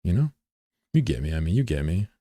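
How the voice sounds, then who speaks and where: A man streaming live, chatting bluntly and profanely with viewers, swinging between loud outbursts and low mutters. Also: big pitch swings, a little fast, dry recording, studio quality. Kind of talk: casual live-stream chat.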